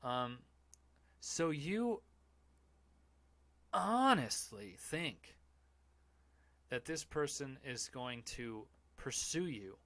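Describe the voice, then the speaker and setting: A man's voice: medium pitch, sing-song, drawn-out words, pauses often, fairly bright tone, no echo. A man hosting a podcast, reading online posts aloud in a casual, mocking, profane way. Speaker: podcast host.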